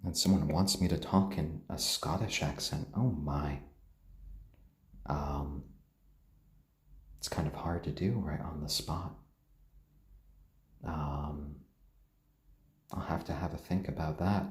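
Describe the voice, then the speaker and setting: A man with a mixed British and American accent, chatting gently on a live stream and cooing to his pets. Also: extremely low pitch, fairly even intonation, slow pace, pauses often, roomy sound. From born in Tokyo, raised British and American. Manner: gentle, soft-spoken, coos at pets. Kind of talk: casual live-stream chat.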